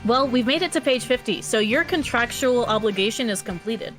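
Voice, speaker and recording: A woman's voice: a little high, lively intonation, brisk, fairly bright tone, faint music behind. A tired young woman co-hosting a stream, chatty and stumbling over her words. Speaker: co-host. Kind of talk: casual stream chat.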